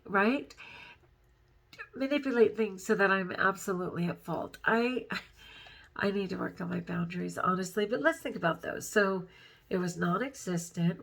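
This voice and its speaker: A woman's voice: mid-range voice, fairly bright tone. A woman vlogger talking casually to her viewers, rambling and giggly, overtired and close to tears. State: overtired and upset. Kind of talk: casual personal vlog.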